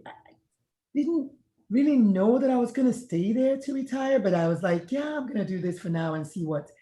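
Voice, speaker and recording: In an echoey room, a middle-aged woman with a warm, medium-pitched voice looks back on her path from pediatrician to life coach during an interview. Earnest and thoughtful, she reenacts earlier conversations in dialogue form.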